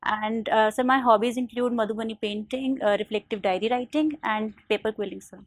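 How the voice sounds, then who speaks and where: A young woman from India answering a formal interview panel politely, often saying "sir" and pausing with fillers. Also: on the high side, no echo. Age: young adult. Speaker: interview candidate.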